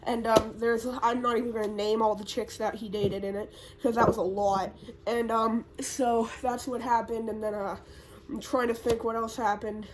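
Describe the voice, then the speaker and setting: A young woman rambling casually through a recap as a YouTuber, swearing often and filling pauses with ums and uhs. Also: fairly high pitch, flat delivery, noisy background. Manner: rambling, profane, lots of fillers.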